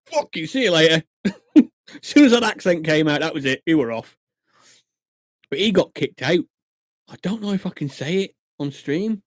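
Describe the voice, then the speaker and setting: A man from Shropshire, England, chats casually on a live stream, swearing and laughing often. His voice sits on the high side and sounds animated, moving at normal speed with long pauses. The recording is dry, with clean studio sound.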